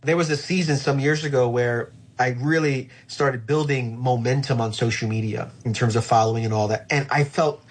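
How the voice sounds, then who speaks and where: Male pastor, husky voice, reflective and earnest, conversational. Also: mid-range voice, steady tone, normal speed, hardly any pauses. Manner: reflective, earnest, frequent "uh" fillers. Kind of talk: conversational interview answer.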